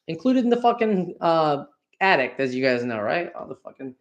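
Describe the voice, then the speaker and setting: A man's voice: on the high side, lively intonation, moderate pace, dull audio. A man hosting a solo podcast, ranting sarcastically about parenting and his childhood, swearing freely. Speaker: podcast host.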